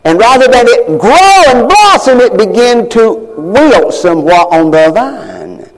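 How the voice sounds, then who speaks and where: A man with a high voice preaches a sermon, dropping to a hushed near-whisper and then rising to loud, high-pitched calls. His voice rings out with a long reverb through the church hall. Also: wildly swooping pitch, measured pace, crowd noise. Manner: dramatic swings from hushed to shouting. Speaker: pastor.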